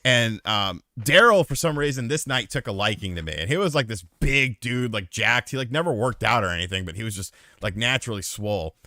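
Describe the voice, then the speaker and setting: A man with a mid-range voice hosts a podcast aftershow, animatedly telling a profane story in casual chat and reading the live chat to answer viewers. He talks fairly quickly with few pauses, and the recording is dry with clean studio sound.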